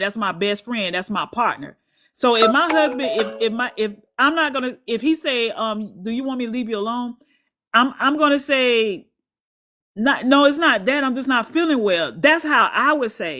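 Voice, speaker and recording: A woman hosts a casual live stream. She reacts out loud to a clip she is watching, talking in loose sentences that stop and restart. Her voice sits a little higher than most.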